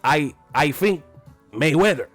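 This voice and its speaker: A man imitating a hesitant, soft-spoken veteran boxer who stammers before answering. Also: fairly high pitch, lively intonation, takes it slowly, faint music behind, heavily acted.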